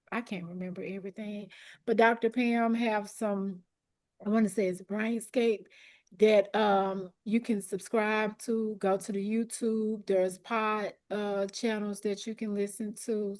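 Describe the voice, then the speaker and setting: A woman coaching a study group for an exam, speaking in a direct, repetitive and encouraging way while her voice grows hoarse and she keeps clearing her throat. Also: mid-range voice, darkish tone. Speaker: academic coach.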